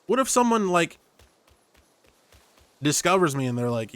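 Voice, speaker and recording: A man's voice: mid-range voice, very animated, normal speed, long pauses, slight background noise. A young man streaming a game, rambling through jokes and tangents into his microphone. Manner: rambling, jokey, tangent-prone. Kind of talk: casual gaming commentary.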